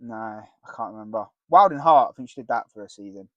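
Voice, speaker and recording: A man's voice: fairly low pitch, expressive, brisk, a bit bright, no room sound, muffled recording. A man in his thirties, co-hosting a casual podcast chat, jokey and laughing often, talking into a headset. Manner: jokey, laughs often, sings snatches of songs. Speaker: podcast co-host. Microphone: headset with earpiece.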